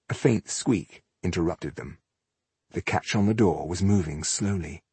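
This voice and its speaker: A man narrating a fantasy audiobook in a measured, even storytelling manner. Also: low voice, breathy edge, dry recording.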